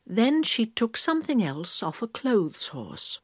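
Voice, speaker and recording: Soft, breathy woman reading a storybook. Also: lowish voice, huge pitch swings, dry recording, studio quality. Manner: slow, soft and hushed, often half-whispered. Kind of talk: storybook read-aloud.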